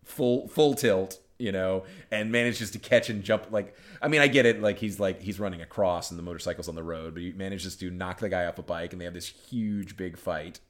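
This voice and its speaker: A man with a very deep voice chats casually on a podcast. He rambles, trips over his words and restarts them, and drops into short acted-out quotes. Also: brisk, hardly any pauses. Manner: rambling, restarts sentences, acts out movie lines. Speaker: podcast co-host. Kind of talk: casual chat.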